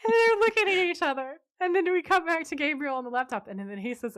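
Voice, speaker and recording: An American woman co-hosting a podcast, telling a story in an animated, casual way and laughing often. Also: high voice, fairly quick, no echo, studio quality. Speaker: podcast co-host. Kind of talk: casual recap chat.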